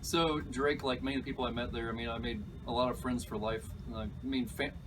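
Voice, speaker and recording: A man telling a story as an interview guest, animated and excitable, laughing as he acts out what others said. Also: mid-range voice, fairly quick, far from the mic, background noise. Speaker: alligator catcher, guest. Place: outdoors at an animal park.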